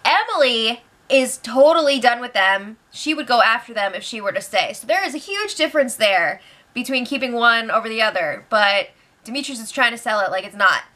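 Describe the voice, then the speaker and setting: Bright-voiced chatty woman recapping. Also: a little high, animated, brisk. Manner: chatty, giggly, opinionated. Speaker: show recap host. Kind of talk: casual spoiler recap.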